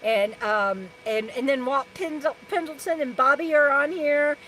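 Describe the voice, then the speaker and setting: A woman's voice: high voice, normal speed, fairly bright tone, soft background music, low-quality recording. A woman from Texas, hosting a casual live stream from her camper and reading out viewer comments in a rambling, chatty way full of restarts and fillers. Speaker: RV lifestyle vlogger.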